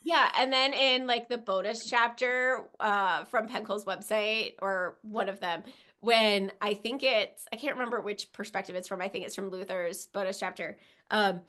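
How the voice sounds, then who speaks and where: A woman's voice: medium pitch, steady tone, pushed and bright. Eager young woman gushing over a book. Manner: enthusiastic, quick, lots of "like". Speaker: podcast co-host. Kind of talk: casual book discussion.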